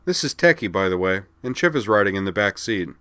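A man's voice: on the low side, lively intonation, brisk, a bit bright, clean tone, no room sound. A man reading a story aloud, voicing a blunt, wry adult male starship pilot and father in a slightly raised voice.

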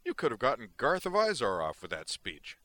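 A man voicing an excitable, folksy older male ship's doctor who talks in an exclamatory, emphatic way. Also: medium pitch, brisk, dry recording, voice pushed up. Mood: exuberant.

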